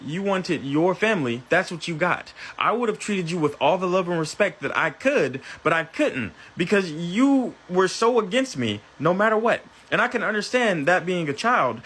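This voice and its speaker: A man's voice: fairly high pitch, a bit bright. A man reenacting a story in first person, blunt and emphatic, repeating phrases for weight.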